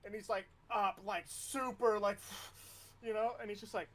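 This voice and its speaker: Slow-talking male game master. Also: high-pitched. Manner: relaxed, stop-start narration with fillers. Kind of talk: narrating a tabletop game.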